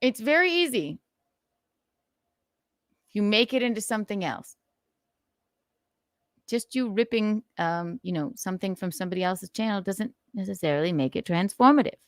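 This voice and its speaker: A woman hosting her own livestream, chatting casually and sarcastically and laughing often. Her pitch swoops up and down a lot as she talks. The sound is close and dry. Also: normal speed, pauses often, no room sound. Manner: animated, sarcastic, laughing often, reading chat aloud. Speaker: livestream host.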